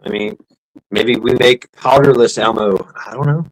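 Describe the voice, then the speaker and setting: A man's voice: mid-range voice, normal speed, poor audio. A man hosting a casual live stream, rambling with many fillers and restarts and reading out viewers' comments. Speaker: livestream host. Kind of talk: casual livestream chat.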